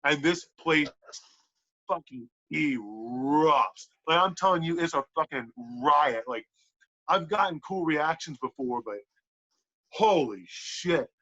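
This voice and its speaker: A man on a podcast telling a wrestling story in casual, animated talk, swearing a lot and filling with "like". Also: fairly high pitch, takes it slowly. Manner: animated, profane, lots of "like" fillers. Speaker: podcast guest, pro wrestler. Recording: dull lo-fi podcast audio.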